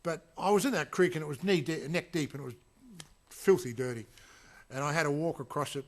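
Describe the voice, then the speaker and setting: A man's voice: on the high side, brisk. A man recalling a film shoot in a casual, rambling way, full of fillers and restarts. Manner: acts out quotes with sudden loud shouts. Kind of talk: casual anecdotal reminiscence.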